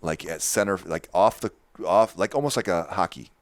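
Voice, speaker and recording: Loud, deep-voiced man, animated storyteller. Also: moderate pace, no echo. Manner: animated, emphatic storytelling with many restarts. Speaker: podcast host. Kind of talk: casual podcast chat.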